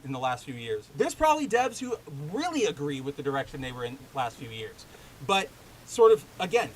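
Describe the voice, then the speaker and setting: The audio is poor, with a little hiss or hum, as a podcast host with a slightly high voice talks. It's a casual chat with live chat where he rants animatedly and swears a lot, rambling loosely with fillers and restarts.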